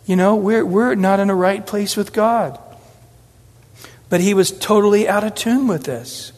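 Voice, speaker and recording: A man preaches through a Bible passage in a high voice, acting out the quoted words with shifting inflections. His voice rings with the long reverb of a large hall. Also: unhurried. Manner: animated, acts out scripture quotes with changing inflections. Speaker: pastor. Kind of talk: expository sermon.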